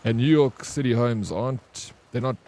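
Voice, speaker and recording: A man's voice: mid-range voice, moderate pace, dark tone. A man giving casual, chatty gaming commentary, swearing freely and answering his chat. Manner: chatty, swears casually, calls viewers bro; reacts to chat messages. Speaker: gaming streamer.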